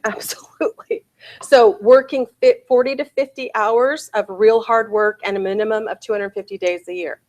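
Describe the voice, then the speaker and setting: A woman's voice: fairly high pitch, fairly even intonation, normal speed, a little mellow. A woman in her forties giving a real estate sales bootcamp talk, often asking her audience "right?" and "okay?".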